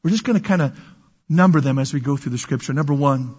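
A pastor preaching a sermon, swinging between loud emphasis and hushed whispers, often repeating words as he restarts phrases. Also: mid-range voice, fast, slightly rough, big-room sound, muffled recording.

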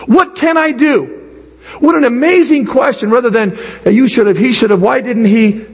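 An older man preaching a sermon, animated, swinging from low quiet asides to high excited bursts. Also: moderate pace, husky, in a large hall. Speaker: pastor.

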